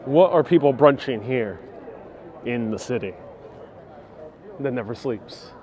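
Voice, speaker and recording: A man livestreams a walking tour, strolling a city street outdoors with a wireless clip-on mic, chatting in an easygoing way and reading viewer comments aloud. His mid-range voice is expressive and slow, with crowd noise around him.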